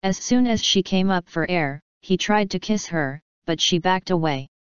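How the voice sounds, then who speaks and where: A woman reading a novel aloud as narrator in a measured, even way. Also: lowish voice, clean tone, no room sound. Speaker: audiobook narrator. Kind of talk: scripted narration. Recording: dull dry audiobook recording.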